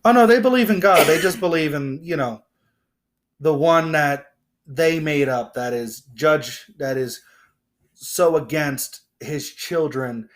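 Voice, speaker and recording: Joking, rambling young man, a bit high. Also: takes it slowly. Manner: rambling, joking, swears freely. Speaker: podcast co-host. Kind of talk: casual chat.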